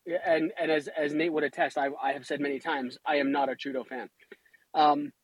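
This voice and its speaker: A man's voice: on the high side, little pitch movement, a little fast, husky, no room sound, poor audio. A man from Canada in casual podcast chat, wry and tongue-in-cheek, often stopping and restarting his sentences.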